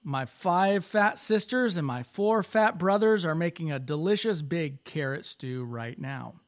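A man's voice: a little high, a little slow, close to an everyday voice. A man voicing an eager, fat little male rabbit from a children's storybook.

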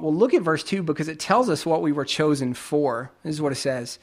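Man, pastor, sermon, conversational, emphatic then quiet, somewhat high voice. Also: lively intonation, fairly quick, few pauses. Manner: conversational preaching with everyday examples.

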